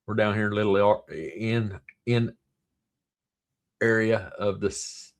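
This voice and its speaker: Gravelly low-voiced man with a Southern drawl. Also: fairly even intonation, slow. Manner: rambling, reads viewer comments aloud. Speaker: livestream host. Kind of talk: casual livestream chat.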